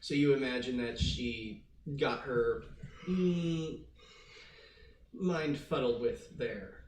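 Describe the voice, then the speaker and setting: Male game master, medium pitch, dry delivery, mic set back in an echoey room. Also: takes it slowly, darkish tone. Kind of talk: narrating a tabletop game. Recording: roomy, distant mic, faint noise.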